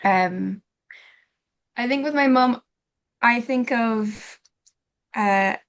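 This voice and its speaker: A woman joins a group discussion over a video call, chatting casually and giggling as she rambles through her thoughts. Her voice is a little higher than most women's. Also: extremely slow. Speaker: workshop participant.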